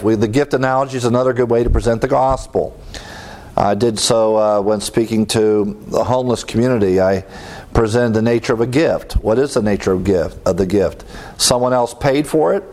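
A man's voice: medium pitch, a little mellow. A middle-aged man teaching a class in sermon style, earnest and emphatic, repeating his key phrases.

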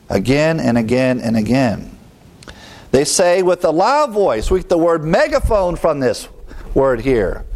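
Slow-spoken man teaching a Bible study. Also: medium pitch, a little mellow. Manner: explains verse by verse, with asides and quick jokes.

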